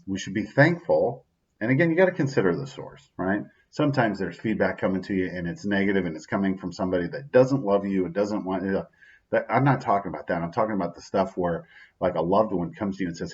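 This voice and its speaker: A man with a very low voice talks his way through a daily motivational video in a relaxed, heartfelt manner. He sounds upbeat and sincere, and he keeps checking in with "right?" as he goes. The recording is a little dull and lo-fi. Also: brisk. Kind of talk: casual spoken reflection.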